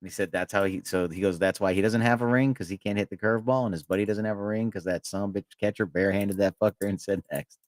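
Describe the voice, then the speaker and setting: A man's voice: lowish voice, fairly even intonation, fast talker, few pauses, dry recording, clean studio sound. A man co-hosting a podcast, telling rambling anecdotes in casual chat with frequent laughs and swearing. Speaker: podcast co-host.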